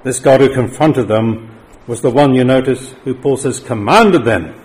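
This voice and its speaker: Middle-aged male preacher, mid-pitched voice, sermon delivery that swings between forceful emphasis and hushed solemnity. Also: normal speed, poor audio. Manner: rises to emphatic declarations, drops low for solemn points.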